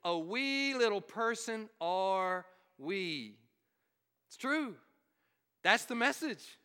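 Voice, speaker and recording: A man's voice: high-pitched, animated, slow, sharp tone, clear, resonant tone, big-room sound. A man preaching a sermon, emphatic and questioning his congregation. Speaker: pastor.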